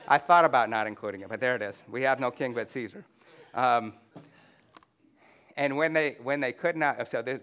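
A man's voice: mid-range voice, a bit bright, clear, resonant tone. A man preaching a conversational sermon to a room, reading scripture aloud and often restarting with "you know.". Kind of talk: sermon with slides.

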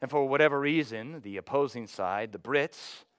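A man's voice: moderate pace, smooth, no room sound, clean studio sound. Dynamic preaching man, Texan accent. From North Texas. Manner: dynamic, rising to emphatic highs then dropping low. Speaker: pastor. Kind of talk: sermon.

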